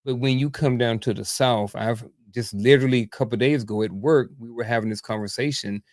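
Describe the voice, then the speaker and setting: A man's voice: mid-range voice, a little fast, no room sound, studio quality. A man from Virginia putting a long, rambling question to a coach in a casual discussion. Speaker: participant asking the coach.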